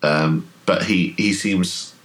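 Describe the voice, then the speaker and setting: Deep-voiced male game master, halting delivery with many pauses and fillers. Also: steady tone, a bit bright. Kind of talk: narrating a tabletop horror game.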